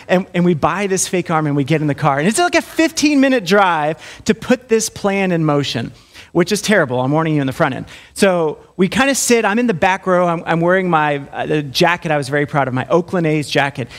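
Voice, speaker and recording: A middle-aged man preaching a sermon, telling a lively personal story and acting out the voices of children and his mother. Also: on the high side, fast talker, long reverb tail. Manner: lively storytelling, acts out voices of kids and mom. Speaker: pastor.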